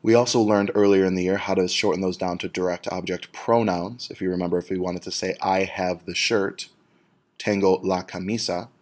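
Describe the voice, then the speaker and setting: Steady and patient, this deep-voiced man teaches Spanish grammar by moving through each example in careful steps. He draws the key words out slowly to help students follow along.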